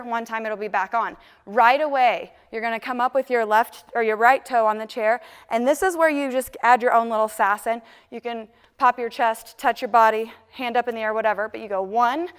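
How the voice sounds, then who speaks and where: A young woman leads a dance class, counting steps and calling moves in a lively, encouraging way. Her voice is smooth, clear and a little high. The studio adds a long ringing echo around her. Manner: upbeat, counts moves aloud and sings lyric snippets. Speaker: dance instructor.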